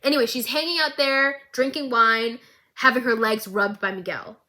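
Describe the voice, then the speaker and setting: A woman with a bright, forceful voice recaps an animated series. She tells it dramatically and stays animated throughout, in a casual vlog. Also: on the high side, normal speed. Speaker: recap vlogger.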